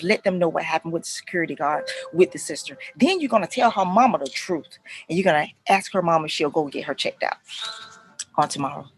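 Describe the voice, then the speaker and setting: A middle-aged woman, a counselor telling stories to parents in a lively, conversational way and acting out the voices. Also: fairly low pitch, poor audio. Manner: animated retelling, acts out voices, addresses viewers as y'all. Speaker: counselor and life coach speaking to parents. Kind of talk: casual talk to camera, storytelling.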